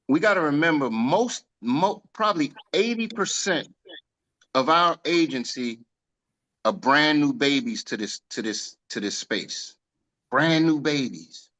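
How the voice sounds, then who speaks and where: A man hosting a motivational sales team call on a video meeting, energetic and folksy, full of homespun comparisons. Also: medium pitch, poor audio.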